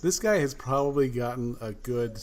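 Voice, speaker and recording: Male podcast host, mid-pitched, lively raconteur who acts out the other voices, faint background hiss. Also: moderate pace. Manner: animated storyteller, acts out both sides of a phone call. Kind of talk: casual chat.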